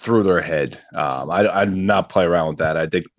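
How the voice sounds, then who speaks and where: A man's voice: sits low, moderate pace, dry recording. A man in his thirties, a podcast host, telling a long story in casual chat with lots of "like" and "um" and acted-out quotes. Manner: animated, acts out quotes, frequent ums and likes. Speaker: podcast host and comedy show MC.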